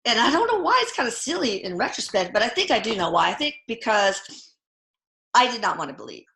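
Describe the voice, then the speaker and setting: A woman guest telling personal stories in a casual, animated way, often lifting her voice when quoting others. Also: a little high, quick pace, gravelly, roomy sound. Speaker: guest, physician and mother. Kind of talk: conversational storytelling.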